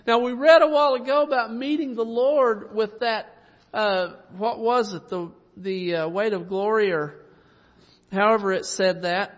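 Male preacher, high-pitched, homespun delivery with tag questions, muffled recording with long hall echo. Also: a little slow. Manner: folksy preaching, rhetorical tag questions, soft chuckles. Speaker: pastor. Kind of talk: sermon. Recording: dull sound with long reverb.

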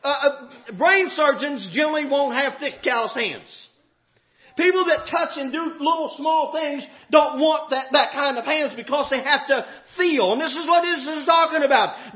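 A man preaching a sermon, impassioned and shouting at times, drawing out emphatic phrases. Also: very high voice, normal speed. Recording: echoey, dull hall recording.

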